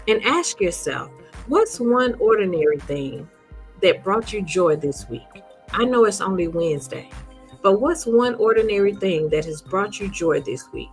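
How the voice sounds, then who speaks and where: A woman hosting an inspirational talk, speaking gently and encouragingly straight to her listeners. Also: medium pitch. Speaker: host.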